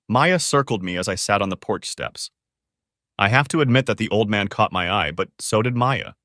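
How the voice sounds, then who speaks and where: A man's voice: fairly low pitch, expressive, moderate pace, fairly bright tone, dry recording, clean studio sound. A man narrating a first-person story in a scripted storytelling style.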